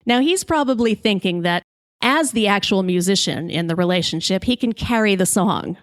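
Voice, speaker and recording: A woman podcast host telling a comic story in a lively, brash way, swearing freely. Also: mid-range voice, moderate pace, no room sound, clean studio sound.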